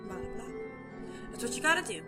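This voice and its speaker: A woman talks through her game with giggly, rambling asides. Her voice is high and bounces up and down, though she speaks slowly. Game music runs under her. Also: big pitch swings, low-quality recording. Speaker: gamer. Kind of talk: let's play commentary.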